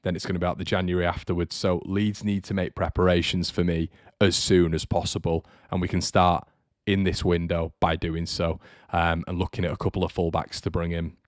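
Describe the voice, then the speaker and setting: A young man talks in a loose, rambling livestream chat and stops now and then to read out viewer comments. His voice sits low. The close mic gives a dry sound with no room in it. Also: flat delivery, fairly quick, no echo. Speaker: fan channel host.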